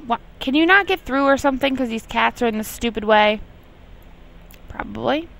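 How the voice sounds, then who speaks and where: A woman's voice: fairly high pitch, lively intonation, moderate pace, creaky, fairly bright tone, poor audio. A young woman casually commenting on her life-sim game, chatting to herself and scolding her characters in exasperated asides. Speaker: gameplay commentator. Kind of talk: casual let's play commentary.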